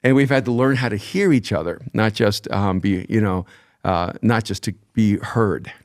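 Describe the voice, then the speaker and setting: A man in his sixties, a podcast guest speaking in a thoughtful, measured, reflective way. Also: lowish voice, a little mellow. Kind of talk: reflective conversation.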